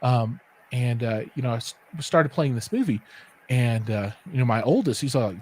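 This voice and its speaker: A man's voice: mid-range voice, fairly quick, breathy edge. A man co-hosting a casual live-streamed chat, telling stories animatedly, acting out quotes and using lots of fillers. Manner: animated storyteller, acts out quotes, many fillers. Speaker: podcast co-host.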